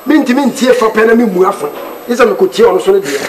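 A man's voice: sits high, animated, fast talker, darkish tone, distant mic. An actor with a Ghanaian accent playing an agitated man in a church and family dispute, pleading and arguing, mixing English into his speech. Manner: pleading then heated, mixes English into speech. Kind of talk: film drama acting. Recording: echoey room with music underneath.

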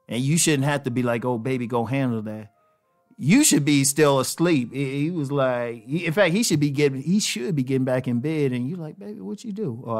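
A man's voice: mid-range voice, a little mellow. Blunt preachy man giving advice. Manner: blunt, preachy, repeats key phrases for emphasis; informal slang-heavy delivery. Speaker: relationship advice host. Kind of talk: casual direct-to-camera monologue.

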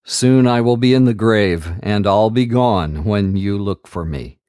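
Give me a man reading scripture slowly and earnestly in a daily Bible podcast, with a dry, close sound. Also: fairly low pitch, a little mellow, dry recording. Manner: slow, measured, earnest reading. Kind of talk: scripture reading and short devotional comment.

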